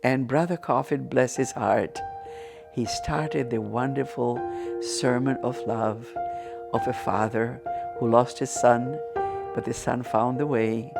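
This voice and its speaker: A woman's voice: very deep voice, gravelly. A woman telling her faith testimony as an interview guest, vividly storytelling and acting out the dialogue she recalls.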